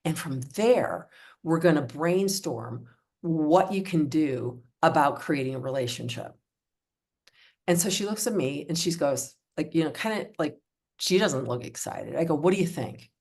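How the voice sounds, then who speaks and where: A woman's voice: sits low, expressive, measured pace, darkish tone. A woman presenting a coaching workshop over a video call, upbeat, encouraging and conversational. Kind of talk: live online workshop talk.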